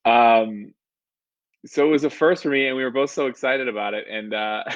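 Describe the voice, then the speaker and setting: This stand-up comedian in his thirties, from the San Francisco Bay Area in California, tells a personal story on a live stream, chuckling often and rambling with fillers. His voice sits at medium pitch with a fairly bright tone and no echo, though the live-stream audio is dull and lo-fi.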